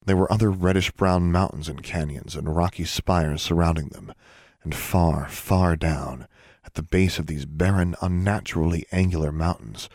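A man narrates an audiobook in a steady, measured way, his voice sitting very low. The recording is dry and close, with no room sound. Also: no echo.

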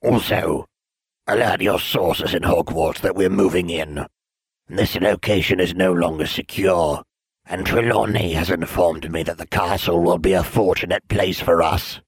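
A man voicing a smug, scheming dark lord who speaks deadpan and commanding, in an audiobook reading. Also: deep voice, a little slow, husky, no echo, exaggerated voice.

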